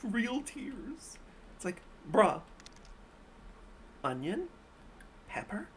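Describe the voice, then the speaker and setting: A woman's voice: on the high side, sing-song, very slow, a little hiss or hum. A woman streamer reacting casually to videos, blunt and profane, who often laughs and exclaims. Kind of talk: casual live-stream commentary.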